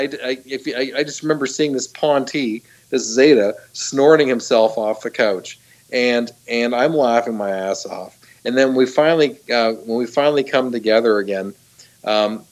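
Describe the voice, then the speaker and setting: A middle-aged man with a mid-range voice is a guest on a talk show. He excitedly retells something that happened to him, full of laughter, false starts, and filler words.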